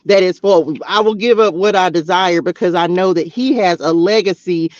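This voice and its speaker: A high-pitched man talks straight to the camera in a chatty, exclamatory way, calling out to his viewers as he reads the cards. The sound is dry and close, with a dull, slightly lo-fi quality. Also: moderate pace, no room sound. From Texas, US. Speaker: spiritual tarot vlogger. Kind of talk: casual spiritual message to viewers.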